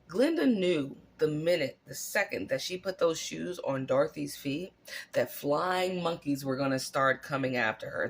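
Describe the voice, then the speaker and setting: A host delivering an animated, profane storytelling commentary, full of rhetorical questions. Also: mid-range voice, creaky, breathy edge. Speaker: channel host.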